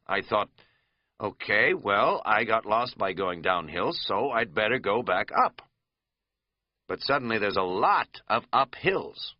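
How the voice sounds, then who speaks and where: A man's voice: lowish voice, no echo, dull audio. A man voicing a rambling, folksy middle-aged American man who talks in a chatty, self-mocking drawl.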